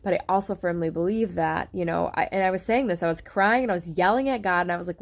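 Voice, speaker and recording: A woman's voice: lowish voice, quick pace, gravelly, hardly any pauses. A woman talking to the camera at home in a casual, rambling way, with many fillers and restarts. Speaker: vlogger sharing a health experience. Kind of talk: casual personal talk to camera. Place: at home, on a couch.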